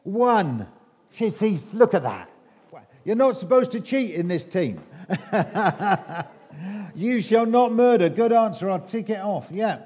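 A man's voice: high voice, very animated, slow pace, a little mellow, husky. A middle-aged English man preaching an all-age sermon, quizzing children in a playful, teasing way.

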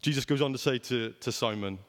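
A man's voice: mid-range voice, brisk, in a large hall. A young man preaching a sermon in a conversational way, often asking rhetorical questions.

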